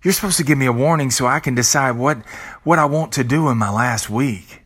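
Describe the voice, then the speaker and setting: A man's voice: mid-range voice, brisk, fairly bright tone, husky, voice pushed up. A man voicing a dying man who pleads with death for one more week. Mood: pleading.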